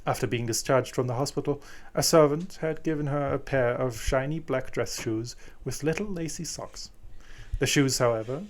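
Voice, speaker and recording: A man's voice: mid-range voice, moderate pace. A man narrating a fan fiction story aloud, reading plainly with small restarts.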